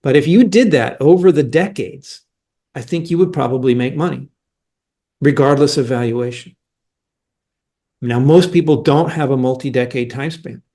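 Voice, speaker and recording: A man's voice: mid-range voice, moderate pace, long pauses, warm tone. A middle-aged man giving explanatory interview answers as a mining analyst, emphatic and argumentative, with frequent restarts.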